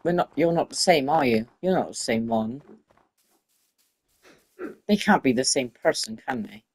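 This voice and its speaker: A woman giving casual, excitable commentary while playing a game and talking to the animals in it. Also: very deep voice, normal speed, husky. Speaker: gaming video creator.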